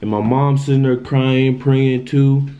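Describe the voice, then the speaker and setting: A man's voice: mid-range voice, fairly even intonation, a little slow, warm tone, lo-fi sound. A young man telling a personal story on his vlog in a loose, casual monologue that circles back on itself. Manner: loose, repetitive, keeps asking "you know what I'm saying".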